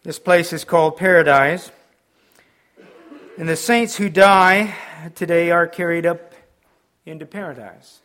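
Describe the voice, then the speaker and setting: Halting preacher, man, slightly high voice. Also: fairly bright tone. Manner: halting, with frequent ums and restarts. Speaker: pastor. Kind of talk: sermon.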